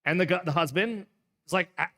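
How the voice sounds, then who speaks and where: A man's voice: fairly high pitch, animated, a little fast, fairly bright tone, in a large hall. A man, a pastor, reading a book aloud and explaining it in a casual, rambling way with playful asides. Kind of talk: live book reading with commentary.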